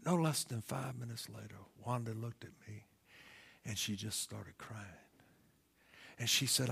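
A middle-aged man preaching a sermon, moving between quiet storytelling and loud, impassioned calls. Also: mid-range voice, normal speed, gravelly, breathy edge. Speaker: pastor.

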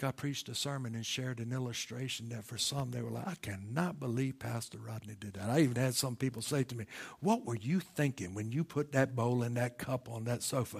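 A middle-aged man preaching a sermon, moving between quiet storytelling and loud, impassioned calls. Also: medium pitch, brisk, creaky, husky. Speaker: pastor.

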